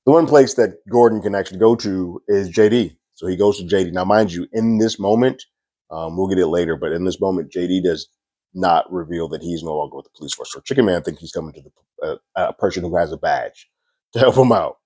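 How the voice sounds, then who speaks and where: A man's voice: low voice, a little fast, warm tone, dry recording. A man reviewing a TV episode in a casual, conversational recap, slipping into the characters' lines as he retells the plot. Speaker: TV series reviewer.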